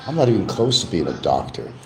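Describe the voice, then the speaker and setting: Older man with a deep, lively rambling voice. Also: fast, creaky, rough recording. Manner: rambling, repeats his catchphrase with a mock sing-song lift; frequent restarts and trailing asides. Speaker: livestream host. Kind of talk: casual rambling monologue.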